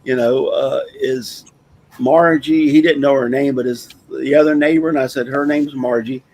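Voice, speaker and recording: Gravelly older guy hosting a chat show, folksy rambling storyteller, 60s. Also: medium pitch, steady tone, moderate pace, darkish tone, a little hiss or hum, rough recording. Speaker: host.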